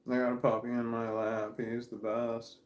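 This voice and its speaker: Casual male vlogger, mid pitch, candid, rambling, roomy echo. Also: completely flat delivery, moderate pace. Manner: candid, wandering, self-deprecating, often trailing off. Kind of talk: casual rambling monologue to camera. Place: at home in a room, with a puppy in his lap.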